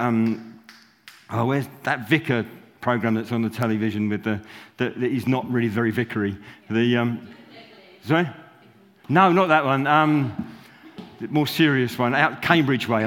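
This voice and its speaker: A man's voice: medium pitch, a bit bright, in a large hall. A man preaching an informal sermon, chatty and rambling, full of fillers, restarts and little laughs.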